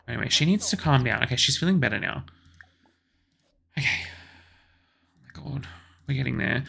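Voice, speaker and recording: A low-voiced woman with a gravelly edge gives let's play commentary, talking to herself as she plays. Her pitch swings widely as she bosses her game characters around in exasperation. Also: animated, a little fast, pauses often, fairly bright tone. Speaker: gaming channel host.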